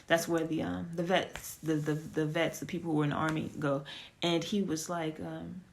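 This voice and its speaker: A woman giving a casual spoken testimony, telling her story in a chatty, animated way with lots of fillers. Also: sits low, moderate pace, vocal fry, slight background noise. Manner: animated storytelling, acts out quoted dialogue; chatty with frequent fillers and restarts. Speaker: testimony speaker.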